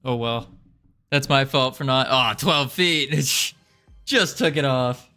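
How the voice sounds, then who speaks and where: A man's voice: mid-range voice, takes it slowly, pushed and bright, clean tone, soft background music. A man streaming his game development, chatting casually with a playful, rambling manner and often repeating his own phrases. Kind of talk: casual livestream chat.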